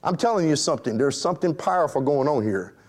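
A man's voice: fairly high pitch, lively intonation, quick pace, a little mellow. A man preaching a sermon to his congregation, emphatic and rhetorical, addressing them directly. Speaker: pastor.

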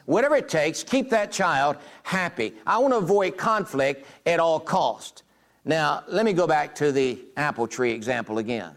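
A middle-aged man with a drawl delivers a sermon in a folksy, storytelling way. His voice sits a little high for a man, and he slips into the voices of the people in his examples. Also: expressive, moderate pace, fairly bright tone. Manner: folksy storytelling, acts out quoted dialogue. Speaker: pastor.

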